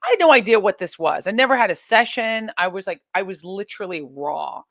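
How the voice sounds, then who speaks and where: A woman guest in an interview, recounting her experiences in an animated way, often restarting sentences and acting out what others said. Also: mid-range voice, a little fast, no room sound, studio quality. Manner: animated retelling, many restarts, acts out quoted exchanges. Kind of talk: candid interview storytelling.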